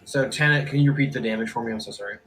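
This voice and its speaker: A man's voice: mid-range voice, racing, rough recording. Easygoing male game master, casual, fillers, faint music bed. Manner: casual, relaxed, says "cool" and "um" a lot. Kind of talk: running a tabletop game online.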